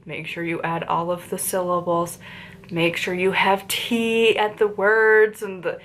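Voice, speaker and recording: A woman's voice: on the low side, flat delivery, measured pace, a bit bright, a little hiss or hum. A woman with an Appalachian accent, chatting casually and rambling a bit as she reviews a book on her channel. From Appalachian region of the United States. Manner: chatty and rambling, with frequent fillers and tangents.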